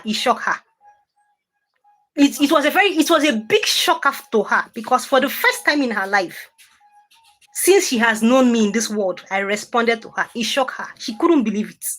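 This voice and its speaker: A woman hosting a livestream, reading comments and answering with animated, indignant repetition. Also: fairly high pitch. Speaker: livestream host.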